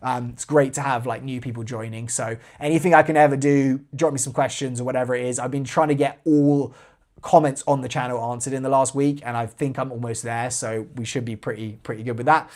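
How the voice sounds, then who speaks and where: A man's voice: medium pitch, fairly even intonation, brisk, a little mellow. A man hosting a live airsoft stream, chatting casually and reading out viewer comments between giveaway talk. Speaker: airsoft channel host.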